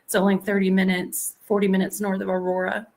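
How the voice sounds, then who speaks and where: A woman's voice: mid-range voice, level tone, fairly quick, vocal fry, darkish tone. Easygoing woman chatting. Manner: easygoing, thinks aloud with fillers. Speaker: livestream guest. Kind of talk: casual conversation.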